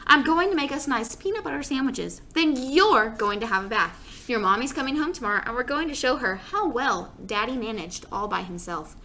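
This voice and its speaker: A woman's voice: on the high side, lively intonation, a little fast, sharp tone, a little hiss or hum. A woman voicing a cheerful dad who is proud of his cooking, reading a children's book aloud. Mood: firm.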